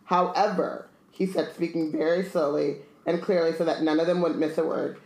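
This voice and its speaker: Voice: mid-range voice, steady tone, a little fast, dark tone, roomy sound, low-quality recording. A podcast co-host reading a novel aloud and chatting casually about it. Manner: casual and chatty, reads dialogue plainly. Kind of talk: casual read-aloud and book chat.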